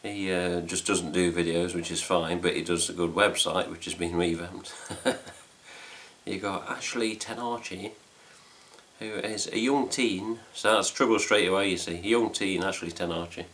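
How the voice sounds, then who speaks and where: A middle-aged man with an English accent talks casually to camera from his home, hosting a fan news update. His voice sits very low. He rambles and drops mild swear words throughout. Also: steady tone, unhurried, fairly bright tone. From England. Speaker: fan site host. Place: home room with cats.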